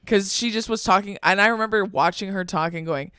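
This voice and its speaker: Casting: young woman podcast co-host, lively storyteller who laughs and swears, clean smooth voice, dry close sound. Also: medium pitch, brisk, no room sound. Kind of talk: casual chat.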